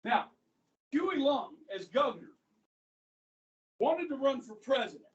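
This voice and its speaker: A man's voice: very high voice, sing-song, measured pace, lo-fi sound. A male history teacher lecturing a class in a casual way. He often checks in with the students by saying "okay". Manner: talks to students, says okay a lot. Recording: echoey classroom from a far mic.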